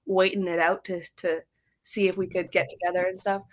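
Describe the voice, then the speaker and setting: A fairly low voice with flat delivery, fairly quick: that's a young drummer and drum teacher guesting in a casual podcast interview. She chats and tells stories, filling them with "likes" and other fillers.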